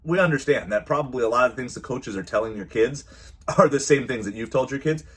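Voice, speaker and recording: A man's voice: mid-range voice, fairly quick, fairly bright tone, breathy edge. A man who is a youth baseball coach and parent, giving casual, earnest advice to camera and often repeating his phrases.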